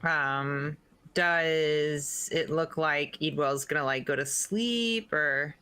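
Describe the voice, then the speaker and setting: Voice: mid-range voice, takes it slowly, pushed and bright, clean tone. A player in a tabletop game, hesitant and thinking aloud about what their character does. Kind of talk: casual chat.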